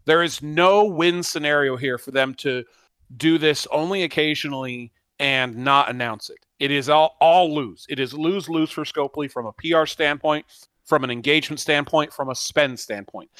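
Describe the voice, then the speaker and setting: Bright, insistent male podcast co-host. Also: a little high, normal speed, clean tone, dry recording. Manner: argumentative, insistent, makes his case point by point. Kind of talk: casual gaming podcast chat.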